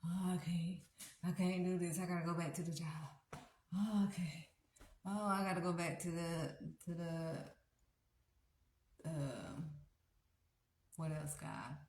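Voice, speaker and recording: A woman's voice: fairly low pitch, slow pace, pauses often, darkish tone, a little hiss or hum. A woman doing a worn-out quitter whining. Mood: muttering. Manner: whiny, breathless, complaining. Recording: roomy echo.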